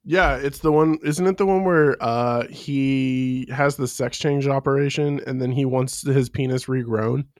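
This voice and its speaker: A man's voice: mid-range voice, a little slow, few pauses, no echo, studio quality. A man co-hosting a podcast, chatting casually about a film, laughing often and swearing freely. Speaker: podcast co-host. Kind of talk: casual film discussion chat.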